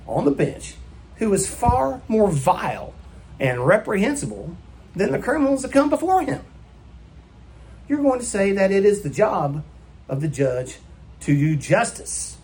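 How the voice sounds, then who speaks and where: This man's voice is high and a little mellow as he preaches to his church. As pastor he is emphatic, putting rhetorical question after rhetorical question to the congregation, and slight background noise can be heard.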